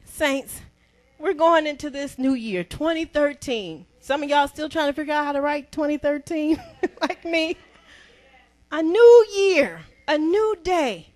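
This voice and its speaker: A woman pastor, preaching a sermon with emphatic call-and-response and near-shouts. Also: high-pitched, normal speed. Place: church.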